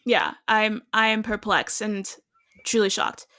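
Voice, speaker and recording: A woman's voice: mid-range voice, fairly even intonation, measured pace, bright, forceful tone. A woman co-hosting a podcast in casual chat, talkative and musing aloud with long questions. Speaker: podcast co-host.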